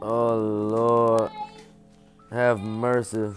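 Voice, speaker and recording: A man playing a horror game, joking and talking to the monster, with low mutters and loud startled yelps. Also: little pitch movement, very slow, soft background music. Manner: jokey, talks to the game character, repeats silly chants. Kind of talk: casual let's-play commentary.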